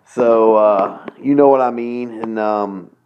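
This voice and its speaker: A man hosting a solo podcast, rambling in a crude, profane, joking and excitable way. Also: on the low side, slow pace, highs cut off, slight background noise. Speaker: podcast host.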